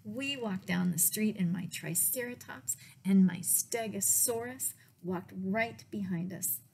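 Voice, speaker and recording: Slow gentle storytime librarian woman. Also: medium pitch, creaky, slight background noise. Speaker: children's librarian. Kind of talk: picture book read-aloud.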